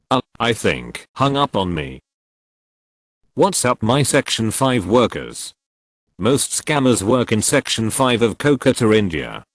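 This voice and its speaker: A low-pitched male voice narrates online posts in an even, matter-of-fact way. It reads symbols and acronyms out literally, with pitch that still moves up and down a lot. The sound is close and dry, with no room around it. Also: unhurried, dry recording. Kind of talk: scripted narration.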